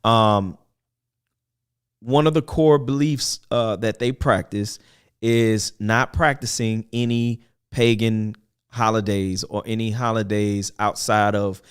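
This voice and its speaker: Animated male talk radio host. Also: lowish voice, slow, smooth. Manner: animated, preachy, repeats himself, laughs often. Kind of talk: casual talk radio monologue.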